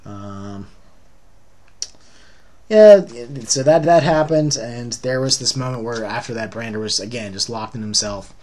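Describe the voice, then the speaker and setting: A man's voice: mid-range voice, lively intonation, measured pace, a little mellow. A man giving a rambling, casual recap of a tabletop role-playing session, full of fillers.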